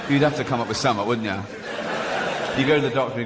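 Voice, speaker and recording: A man performing a stand-up routine, deadpan storytelling with acted-out dialogue. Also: medium pitch, a little fast. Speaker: stand-up comedian. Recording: reverberant venue, faint noise.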